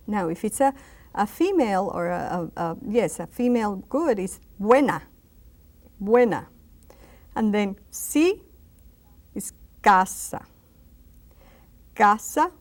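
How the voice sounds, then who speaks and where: Slow, patient woman teaching a class. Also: mid-range voice. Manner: patient, repeats each word slowly. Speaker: Spanish teacher. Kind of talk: televised language lesson.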